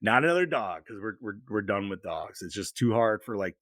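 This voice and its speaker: In a fairly low, expressive, slightly bright voice, a middle-aged podcast co-host briskly tells long, profane stories that ramble on during casual conversation. There's no echo.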